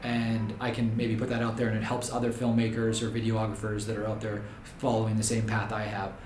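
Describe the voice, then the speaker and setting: A man's voice: on the low side, completely flat delivery, fairly quick, darkish tone, slight background noise. Easygoing man vlogging in a roomy space. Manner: easygoing, rambling, joking. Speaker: vlogger and videographer business owner. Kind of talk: casual vlog talk to camera. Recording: roomy with faint background ambience.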